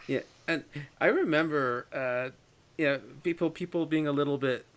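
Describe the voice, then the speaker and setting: A man in casual film discussion, chatty and quick to laugh as he retells scenes. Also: on the high side.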